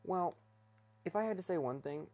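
A man's voice: high-pitched, expressive, normal speed, a little mellow. A young man hosting his first solo talk episode, rambling hesitantly from his bedroom with many fillers and restarts. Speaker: podcast host.

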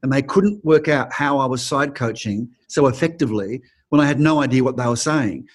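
A man's voice: mid-range voice, fairly quick. A middle-aged Australian man with an Australian accent, an acting teacher answering interview questions, telling stories expressively with frequent restarts. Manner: expressive, acts out quoted people, frequent restarts.

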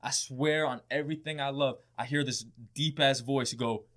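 A young man telling a story in casual podcast chat, with a mid-range pitch. He talks animatedly, swears often and laughs along the way. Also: steady tone, moderate pace, a bit bright.

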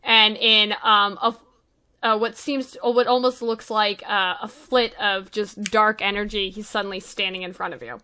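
A woman's voice: medium pitch, little pitch movement, normal speed, sharp tone, clean tone. A woman narrating as game master, hesitant with many fillers.

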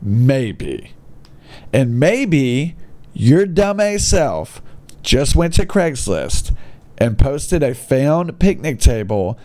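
A man's voice: mid-range voice, big pitch swings, drawn-out words, darkish tone. A man reading online posts aloud and mocking them in an exasperated, sarcastic comedic rant. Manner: exasperated, mocking, mild bleeped-style cursing.

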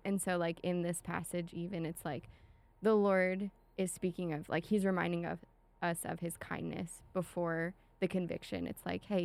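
A young woman pastor, a guest on a faith podcast, speaking gently and reflectively with many likes and ums. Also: lowish voice, vocal fry. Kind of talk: casual faith podcast chat.

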